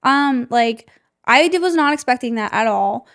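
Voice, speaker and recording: A woman's voice: on the high side, lively intonation, moderate pace, a bit bright. A young woman, a podcast host, telling a personal story with emotion and many "like" fillers. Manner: emotional, heavy use of "like" fillers.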